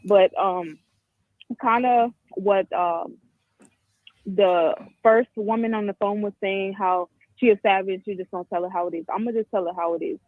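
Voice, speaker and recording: Caller, woman, 20s, from the Caribbean; frank, halting, lots of restarts; dry phone audio. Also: mid-range voice, steady tone, no room sound. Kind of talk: call-in commentary. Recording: tinny dry phone line.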